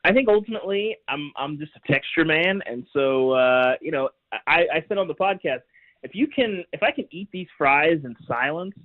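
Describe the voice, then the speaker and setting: Calling in by phone to a sports radio program, a guest with a fairly high, expressive voice talks at normal speed. The tinny line carries his wry, chatty banter, and he laughs at his own jokes.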